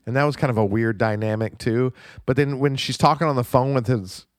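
A man's voice: mid-range voice, fairly quick, no room sound, studio quality. A man co-hosting a casual movie review podcast, joking and laughing as he picks apart scenes. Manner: laughing, joking, quotes film lines in put-on voices. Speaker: podcast co-host.

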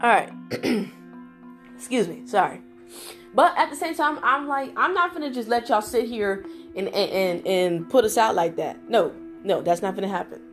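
A young woman hosting a podcast, talking straight to her listeners in an animated way and laughing often. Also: mid-range voice, normal speed, soft background music. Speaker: podcast host. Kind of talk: casual opinion monologue.

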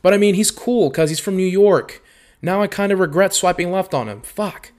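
A young man hosts a podcast, reading dating bios aloud and riffing on them as casual comedy, full of swearing, animation and frequent laughter. His voice is high and fairly quick.

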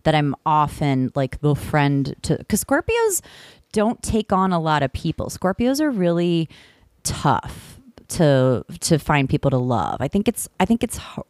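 A woman with a low voice tells a long story to her co-host. She rambles and restarts, piling up fillers as she goes, and she is recorded close and dry. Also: sing-song, measured pace, darkish tone, dry recording. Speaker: podcast host. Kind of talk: casual chat. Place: in the UK, visiting family.

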